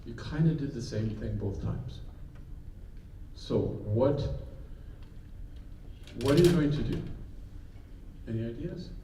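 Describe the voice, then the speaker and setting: Coaching a choir, this vocal clinician counts in and sings short sample lines. His mid-range voice is dark and expressive, moving slowly with long pauses. A faint hiss or hum sits under the sound, and the far-off mic picks up plenty of room echo.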